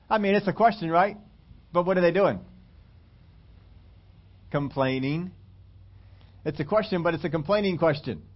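A man's voice: moderate pace, pauses often. Preacher man on a dull recording. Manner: acts out whiny complaining questions, then drops low and emphatic. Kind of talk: sermon.

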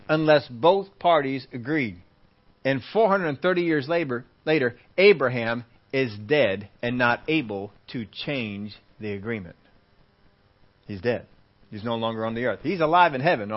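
A man preaching a Bible teaching sermon, acting out everyday scenes and repeating his points for emphasis. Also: mid-range voice. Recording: muffled lo-fi recording.

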